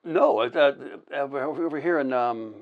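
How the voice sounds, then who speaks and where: A man with a mid-range voice chatting on a podcast set, spinning an anecdote. He swears casually, stumbles and restarts, and punches up his story with sound effects and shouted quotes. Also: mid-range voice, normal speed, lo-fi sound. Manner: profane, full of restarts.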